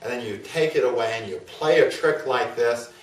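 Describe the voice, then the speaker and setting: Guy doing a proud hotheaded male sage, middle pitch, echoey room. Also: normal speed, close to an everyday voice. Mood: furious. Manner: pleading then raging. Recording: roomy, from a distance.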